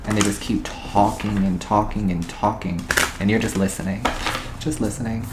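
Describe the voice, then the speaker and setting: A man's voice: lowish voice, fairly even intonation, moderate pace, very noisy. A man doing a tarot reading to camera, rambling and intuitive, often checking in with "okay?" and "all right?". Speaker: tarot reader.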